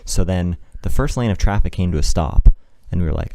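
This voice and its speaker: A young man with a very deep, mellow voice co-hosts a casual podcast. He tells his story in a relaxed, wry way, and the sound is close and dry with no room around it. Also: brisk, gravelly, no room sound. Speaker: podcast co-host.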